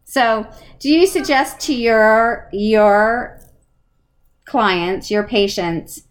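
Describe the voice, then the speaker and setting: A woman's voice: fairly high pitch, extremely slow, background noise. A middle-aged woman hosting a podcast interview, effusive and chatty, laughing often. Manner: warm, effusive, animated with laughs. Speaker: podcast host. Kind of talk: casual interview chat.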